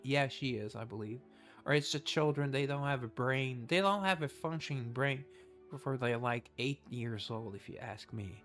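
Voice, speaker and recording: A man's voice: mid-range voice, normal speed, a bit bright, soft background music. Man reading a game story with sarcastic asides. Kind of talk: casual commentary over a game story.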